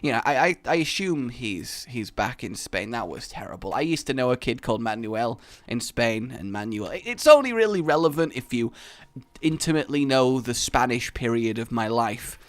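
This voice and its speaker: A man's voice: mid-range voice, lively intonation, normal speed, dry recording. A man hosting a gaming channel, giving let's play commentary full of rambling, joking tangents, recorded at home.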